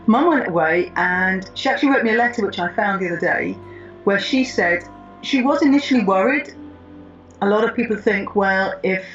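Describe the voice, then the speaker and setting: A woman in her fifties telling her own story in an interview, reflective and thoughtful with frequent pauses. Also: mid-range voice. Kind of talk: personal storytelling. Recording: slightly muffled with soft music.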